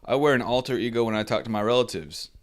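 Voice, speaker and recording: A man co-hosting a comedy podcast, riffing on ideas in a wry, deadpan way. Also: medium pitch, quick pace. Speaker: podcast co-host. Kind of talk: casual comedic chat.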